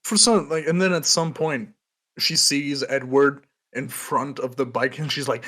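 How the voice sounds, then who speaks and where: A man with a bright, forceful voice at a middling pitch co-hosts a loose podcast. He talks crudely, swears freely and keeps the banter jokey. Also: steady tone, a little slow. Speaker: podcast co-host. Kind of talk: casual chat.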